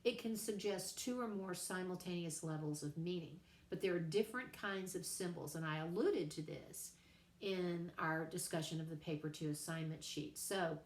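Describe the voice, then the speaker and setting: A middle-aged woman teacher giving a friendly, playful recorded lecture to her class. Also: lowish voice. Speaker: writing teacher. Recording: roomy sound with faint background hum.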